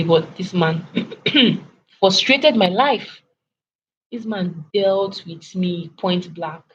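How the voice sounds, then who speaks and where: A young woman in her twenties with a Nigerian accent, telling a story casually and animatedly as a vlogger, sometimes clearing her throat. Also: on the low side, slow. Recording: lo-fi with faint background noise.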